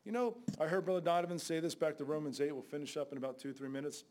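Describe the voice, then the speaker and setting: A male preacher delivers a sermon in a plain, conversational manner, blunt with his listeners. His voice sits a little high for a man. Now and then he breaks into sudden, louder outbursts before settling back down. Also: steady tone, quick pace.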